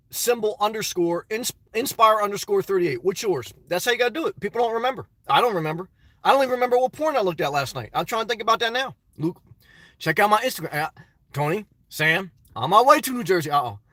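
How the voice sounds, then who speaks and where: A man's voice: sits high, a bit bright, dry recording. A middle-aged man chatting casually on a live stream from his parked car, reading out viewers' messages and calling them brother.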